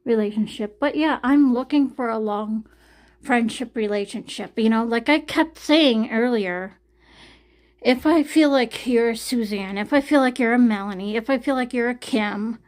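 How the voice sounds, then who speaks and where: A woman's voice: on the high side, normal speed, a little mellow. A woman vlogging in a casual rambling monologue, full of "you know", sighs and laughs.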